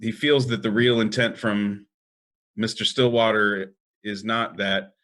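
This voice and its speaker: Unhurried man playing a tabletop character. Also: on the low side, fairly even intonation, a bit bright. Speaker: player. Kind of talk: in-character tabletop role-play.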